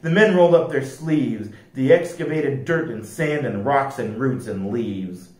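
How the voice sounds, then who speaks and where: A man reading picture books aloud as library storyteller, with a slow, lively rhyming delivery. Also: mid-range voice. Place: library room. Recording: echoey room, distant mic.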